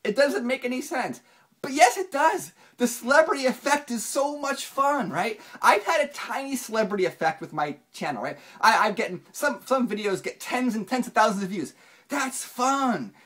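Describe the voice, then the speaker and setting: A finance channel host giving casual video commentary, rambling with many restarts and fillers, and jumping up in pitch for emphasis. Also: normal speed. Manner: animated, pitch jumps up for emphasis.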